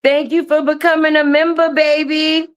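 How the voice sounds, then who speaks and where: High-voiced woman ranting on a live stream. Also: flat delivery, moderate pace, muffled recording. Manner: profane, mocking, switches into jeering put-on voices. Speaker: commentary streamer.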